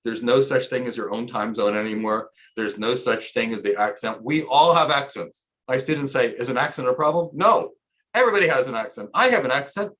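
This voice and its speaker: A man's voice: medium pitch, brisk, fairly bright tone. American male host, coaching tone, punches his key lines, mid-range voice. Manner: emphatic, coaching, repeats key points for punch. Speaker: host and cloud architecture instructor. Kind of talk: live-stream career talk.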